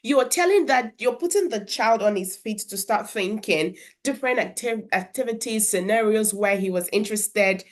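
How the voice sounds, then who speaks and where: A woman's voice: medium pitch, lively intonation, moderate pace, hardly any pauses. A woman educator, giving earnest instructional advice to parents about reading and talking with their children. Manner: earnest, explanatory, with brief demonstrations of character voices.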